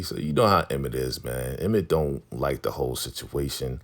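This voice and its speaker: A man's voice: rumbling low, big pitch swings, moderate pace, few pauses. A man casually recapping a TV episode, retelling scenes in a loose, conversational way and paraphrasing what the characters say. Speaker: TV recap vlogger.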